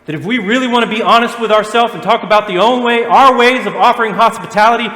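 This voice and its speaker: Southern pastor preaching in an echoing church. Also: male voice, sits high, quick pace, bright, forceful tone. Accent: Southern American. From Alabama, USA. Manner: conversational preaching with rhetorical questions. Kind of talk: sermon. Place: church sanctuary. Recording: echoey church hall.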